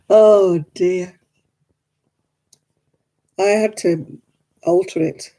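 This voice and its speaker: A woman from Oldham with a softened northern English accent, chatting casually on her crafting video and laughing often. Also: mid-range voice, drawn-out words, long pauses. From Oldham, England. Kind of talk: casual chat.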